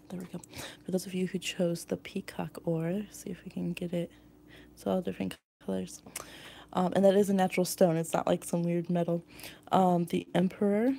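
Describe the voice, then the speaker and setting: A woman's voice: lowish voice, creaky, warm tone, a little hiss or hum. A woman giving a pick-a-card tarot reading in a rambling, intuitive way, with many fillers.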